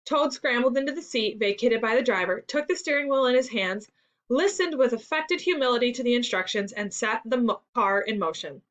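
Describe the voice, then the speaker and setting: Woman narrator for a school read-aloud, expressive storytelling, fairly high voice, dull lo-fi recording. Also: a little fast. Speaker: story reader in a school reading lesson.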